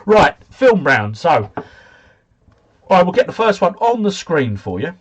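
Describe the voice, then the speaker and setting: A man's voice: high voice, sing-song, measured pace, husky. A man hosting a casual live quiz stream, chatting and joking as he reads out answers and viewer scores. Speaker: quiz host.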